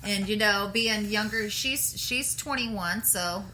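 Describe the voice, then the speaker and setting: A woman's voice: mid-range voice, bright, forceful tone, slight background noise, poor audio. A middle-aged woman in a casual, teasing chat who laughs easily. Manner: chatty, teasing, quick to laugh.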